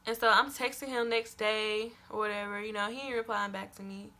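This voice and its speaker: Speaking fairly quickly in a mid-range voice, a young woman vlogger recounts a personal story for a storytime video. She's emphatic and animated, repeating lines for impact and dropping casual swears.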